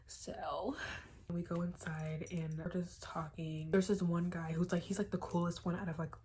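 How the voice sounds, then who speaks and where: A young woman telling a storytime tale casually, animated and dramatic, with plenty of swearing. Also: on the low side, moderate pace, slight background noise. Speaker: vlogger.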